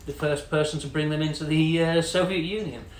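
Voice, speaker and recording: A man's voice: fairly high pitch, fairly even intonation, fairly quick. Chatty man telling a story. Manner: chatty, many "you know" fillers, acts out quoted voices. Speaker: company CEO telling a story. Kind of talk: casual storytelling. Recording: echoey room with faint noise.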